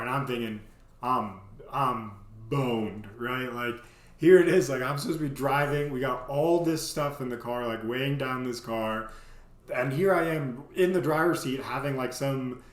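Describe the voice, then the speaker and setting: A man telling a casual story to his vlog audience, rambling with lots of filler words. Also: mid-range voice. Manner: rambling, heavy on "you know" fillers. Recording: roomy echo.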